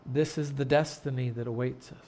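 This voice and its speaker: A man pastor preaching an earnest sermon in a church, turning loud and dramatic when telling a story. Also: medium pitch, fairly even intonation, a little fast, slight background noise. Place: church sanctuary.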